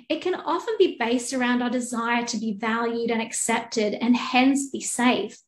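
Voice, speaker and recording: A woman, a life coach, giving a calm, measured, encouraging coaching talk. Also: on the high side. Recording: echoey room.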